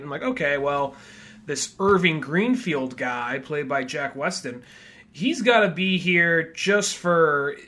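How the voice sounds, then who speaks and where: A man co-hosting a podcast, talking through a film in loose, casual chat. His voice is bright and sits a little high, and he rambles, stops and restarts his thoughts. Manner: rambling, self-correcting, acts out quotes. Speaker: podcast co-host. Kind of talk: casual movie review chat.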